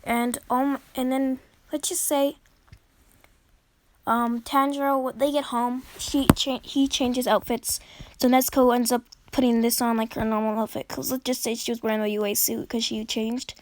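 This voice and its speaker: Woman, higher voice, casual rambling storyteller who keeps restarting sentences. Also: level tone, moderate pace. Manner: rambling, many fillers and self-corrections. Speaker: fan storyteller.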